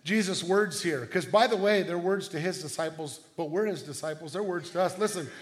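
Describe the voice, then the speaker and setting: A middle-aged man preaching a sermon as pastor, telling stories in a conversational way with quick restarts. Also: sits high.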